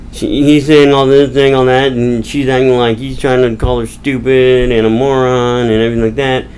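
A man's voice: medium pitch, darkish tone, clear, resonant tone, rough recording. A man, the podcast host, rambling through a casual movie recap with chatty restarts.

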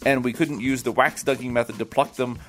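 A man's voice: medium pitch, fairly even intonation, brisk, a bit bright, a little hiss or hum. A man co-hosting a comedy podcast, reading a listener's email aloud in a matter-of-fact way.

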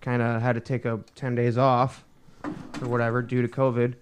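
A man's voice: medium pitch, little pitch movement, moderate pace, a little hiss or hum. Male podcast co-host, casual, profane, laid-back banter. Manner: swearing, joking, laid-back.

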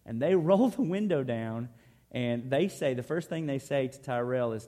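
A man's voice: medium pitch, animated, moderate pace, mellow. A man, preaching a conversational, earnest sermon built on personal stories. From Arkansas. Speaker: pastor. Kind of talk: storytelling sermon.

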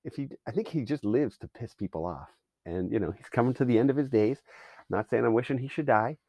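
A Canadian man with a medium-pitched, dark voice delivers a profane ranting monologue on a podcast, speaking a little fast. He swears freely, drips sarcasm, and rambles from one gripe to the next, all captured in a dry, close recording.

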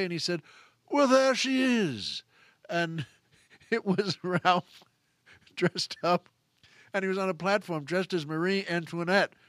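A man hosts his own show and tells a long, rambling story, often chuckling and restarting his sentences. His voice sits a little high. The sound is dry and close, with no room echo. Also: a bit bright. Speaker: podcast host. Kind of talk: casual storytelling monologue.

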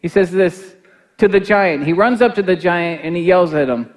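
A man's voice: sits high, moderate pace. A middle-aged man preaching a sermon, telling a homely story and then building to fervent exhortation. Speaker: pastor.

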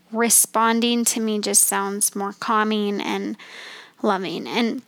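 A woman's voice: on the high side, sharp tone, no echo. A woman in her thirties hosting a personal faith podcast, talking in an earnest, heartfelt, chatty way. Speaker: podcast host.

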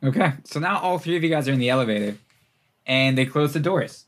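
A man's voice: mid-range voice, animated, fast talker, a bit bright. A man running a tabletop game as game master, talking loosely with fillers and laughter. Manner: loose and chatty, many fillers, laughs often.

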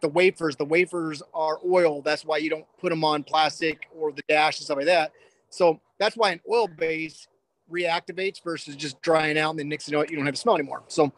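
A man's voice: on the high side, fairly even intonation, a little fast. A car detailer explaining his methods in a casual chat, rambling with many fillers.

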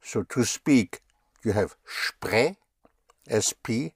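Slow, patient male German teacher. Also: on the low side, expressive, no room sound, clean studio sound. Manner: patient, spells out words and repeats them. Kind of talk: slow language lesson.

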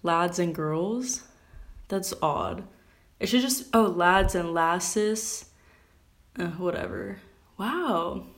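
A woman's voice: fairly low pitch, animated, slow. A teenage girl hosting her own podcast, chatting and ranting in a rambling, self-correcting way, recorded on a phone. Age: teens. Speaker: podcast host. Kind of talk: casual solo podcast rant.

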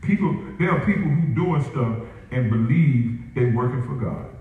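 A man's voice: mid-range voice, lively intonation, moderate pace, narrow, tinny audio, slight background noise. A man preaching a sermon in call-and-response style, chuckling between lines as he drives his points home. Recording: echoey room picked up from a distance, faint ambience.

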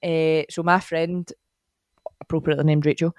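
A woman's voice: low-pitched, level tone, moderate pace, a little mellow, dry recording, clean studio sound. A Scottish woman chatting enthusiastically on a podcast, often trailing off mid-sentence. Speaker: podcast co-host, guest sister. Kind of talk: casual chat.

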